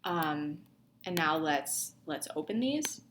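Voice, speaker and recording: A woman's voice: deep voice, expressive, takes it slowly, a bit bright, a little hiss or hum. A young woman instructor talking through a lab tutorial casually, thinking aloud with many ums and restarts. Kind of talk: screen-recorded lab tutorial.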